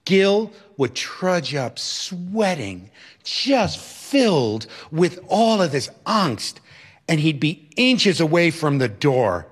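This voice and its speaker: Animated middle-aged male storyteller. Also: a little high, slow pace. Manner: animated, emphatic, reflective. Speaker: storyteller, educator. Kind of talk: personal storytelling.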